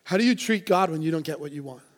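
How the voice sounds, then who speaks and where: A man's voice: a little high, animated, fast talker. A man preaching a sermon to a church congregation, earnest and conversational, with playful asides. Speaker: pastor.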